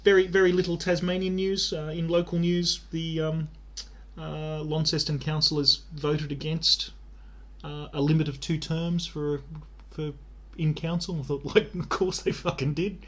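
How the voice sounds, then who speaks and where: A man's voice: fairly high pitch, little pitch movement, normal speed, fairly bright tone. Man, podcast co-host, rambling, wry, casual talk. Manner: rambling, sardonic, sweary. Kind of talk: casual chat.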